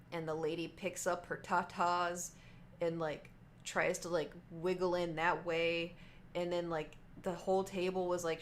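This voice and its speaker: A woman's voice: on the low side, slight background noise. A young woman streamer rambling through work stories in a chatty way, full of "like" and restarts. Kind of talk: casual storytelling.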